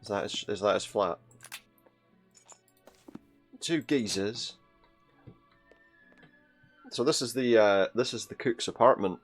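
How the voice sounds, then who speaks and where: A man narrates his gameplay in a relaxed, chatty way, often thinking aloud and echoing lines back. His voice sits low and easy. Nothing about it is performed. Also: brisk, hardly any pauses, soft background music. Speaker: let's play gamer. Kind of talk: casual gameplay commentary.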